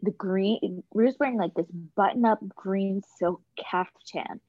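A woman's voice: mid-range voice, a little slow, dry recording. Blunt woman on a dull, dry mic. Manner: blunt, swears freely. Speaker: podcast co-host. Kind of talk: casual chat recapping a TV episode.

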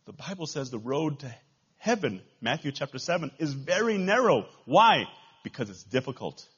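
A man with a Texan accent preaching a sermon as pastor, swinging between loud rises and quiet drops. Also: a little high, big pitch swings, moderate pace, breathy edge, highs cut off. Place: church.

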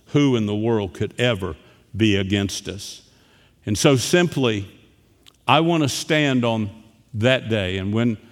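A man preaching a sermon, telling a personal story and moving between quiet, hushed passages and emphatic ones. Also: mid-range voice, big-room sound.

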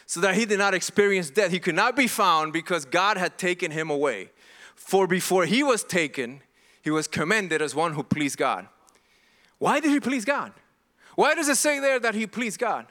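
A man's voice: high voice, animated, normal speed, pushed and bright. A middle-aged man preaching a sermon as pastor, earnest and impassioned, often restarting and repeating himself.

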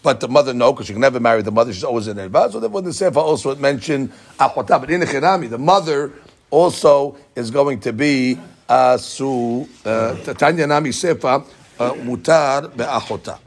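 Male Talmud teacher, husky voice, methodical and repetitive in his explanations, mid-range pitch. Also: a little fast. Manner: explains step by step, repeats key phrases, answers students' questions. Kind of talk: Talmud study class explanation.

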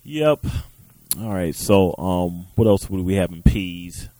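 A man co-hosting a casual podcast, answering with quick agreements and easy chuckles. His voice sits low but swings around with plenty of movement. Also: lively intonation, mellow. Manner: brief agreeing replies, chuckles. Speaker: podcast co-host. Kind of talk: casual chat.

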